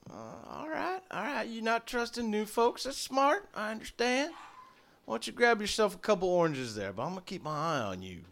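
A man's voice: high voice, big pitch swings, fairly quick, creaky, a bit bright, pitched above the performer's own voice, exaggerated voice. GM voicing a drawling backwoods orchard man, friendly but watchful, game-table NPC voice. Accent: folksy rural drawl, put on. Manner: suspicious, drawling, calls people boy. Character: wary rustic male orchard keeper, folksy.

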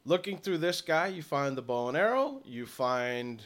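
A man's voice: on the high side, big pitch swings, moderate pace, fairly bright tone. A man running a tabletop game as game master, narrating casually with fillers and some swearing.

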